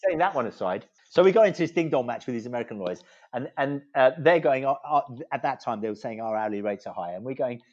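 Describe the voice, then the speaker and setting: An English man in his fifties tells stories as a podcast guest, animated and digressive, often restarting his sentences. His voice sits at a middling pitch. The recording is dull and lo-fi. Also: fast, few pauses. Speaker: law firm managing partner, guest. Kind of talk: anecdotal storytelling in conversation. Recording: dull lo-fi sound.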